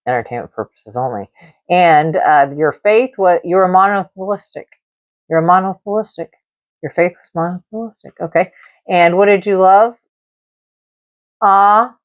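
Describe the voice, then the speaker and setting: Hosting a tarot reading on a live stream, a low-voiced woman talks in a rambling, emotional way, leaning on fillers and repeating herself. The audio is dry, dull, and lo-fi.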